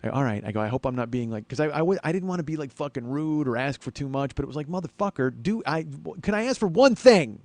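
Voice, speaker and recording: Male podcast comic, forties, mid-pitched, exasperated and profane storyteller. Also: darkish tone, dry recording. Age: 40s. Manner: exasperated, swearing rants in his own voice. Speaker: comedy podcast host.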